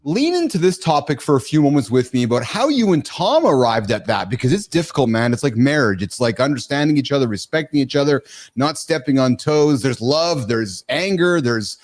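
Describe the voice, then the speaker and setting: A man hosting a talk show, playful and animated, who often restarts his sentences in halting bursts. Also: mid-range voice. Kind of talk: casual talk show banter.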